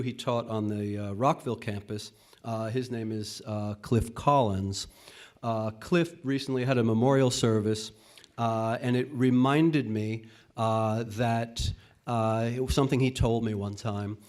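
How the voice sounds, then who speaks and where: A man with a Northeastern US accent introduces a poem with many halting fillers, then reads it aloud at an open mic. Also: fairly low pitch, steady tone, a little mellow. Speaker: poetry reader at an open mic. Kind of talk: casual spoken intro and poetry reading. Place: event space at a college.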